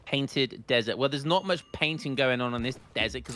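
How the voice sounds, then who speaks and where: A man casting a live strategy game, excitable and joking, with frequent restarts. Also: mid-range voice, moderate pace. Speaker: esports caster.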